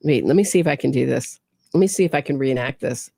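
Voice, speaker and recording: This true crime podcast host is a woman with a dark, rumbling, gravelly voice who talks fast, trading in incredulous sarcasm and pointed questions. She's recorded up close and dry, with no room sound at all.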